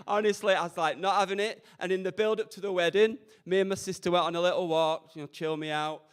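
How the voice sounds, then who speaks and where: A man's voice: sits high, fast, few pauses, clean tone. A young man, doing cheeky, camp, self-deprecating stand-up at an open mic night. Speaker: stand-up comedian. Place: community radio open mic event.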